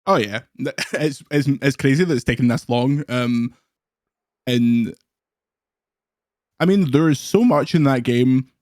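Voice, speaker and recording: A young British man talks loosely and rambles, laughing between thoughts. His pitch sits in the middle range. The sound is dry and close. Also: a little mellow, no room sound. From Britain. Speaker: guest co-host. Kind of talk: casual chat.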